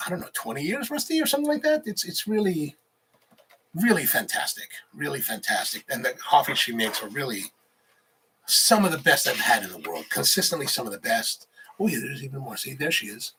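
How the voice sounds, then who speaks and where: A man's voice: mid-range voice, big pitch swings, fairly quick, bright, forceful tone, a little hiss or hum. A man in his forties hosting a casual livestream, rambling and reading viewer comments aloud. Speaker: livestream host, barista.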